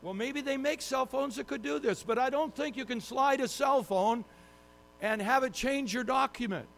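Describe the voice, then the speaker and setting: A male pastor with a notably high voice opens his sermon with a self-mocking story. He acts out his own frustration as he tells it, and a faint hum sits under the recording. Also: normal speed, gravelly, fairly bright tone. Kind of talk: sermon with humorous personal story. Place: church sanctuary.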